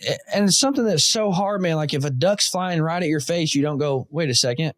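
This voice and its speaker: A man hosting a casual hunting conversation, telling stories with lively acted-out quotes. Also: fairly high pitch, brisk, no room sound. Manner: animated storyteller, acts out quotes. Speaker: podcast host.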